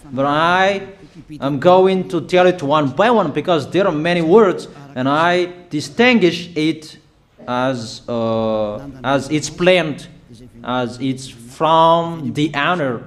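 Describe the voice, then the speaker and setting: Male preacher, prophetic sermon; slow, weighty declarations, a touch high in pitch. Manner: slow, emphatic declaring with pauses and fillers.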